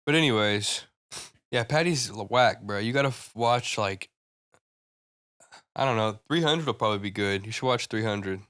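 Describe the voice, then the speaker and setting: A young man co-hosting a podcast in casual chat, excitable, swearing often and laughing a lot. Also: on the low side, normal speed, pauses often, clean tone, no echo, studio quality. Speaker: podcast co-host.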